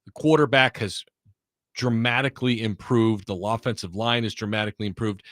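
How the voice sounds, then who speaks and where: A man's voice: on the low side, fairly even intonation, brisk, fairly bright tone, dry recording. A man from Chicago, an in-studio guest, giving confident, emphatic football analysis in casual sports radio talk. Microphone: studio mic.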